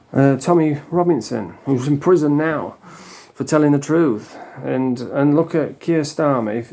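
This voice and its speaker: Heated man, dark low-key tone, blunt casual rant with swearing. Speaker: vlogger. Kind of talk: casual ranting monologue.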